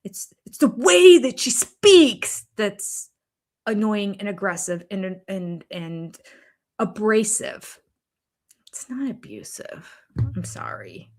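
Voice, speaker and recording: An older woman talks through a TV episode in casual reaction commentary. She is chatty and opinionated, and often drifts into rambling asides. Her pitch sits in an ordinary middle range. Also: animated, takes it slowly, darkish tone. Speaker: reaction channel host.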